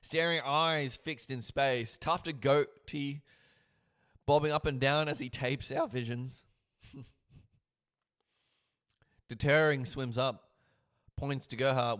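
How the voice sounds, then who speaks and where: A man reading a book aloud on a livestream with his own commentary, dramatic and swinging between murmured and loud lines. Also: mid-range voice, fairly even intonation, slow, long pauses, smooth.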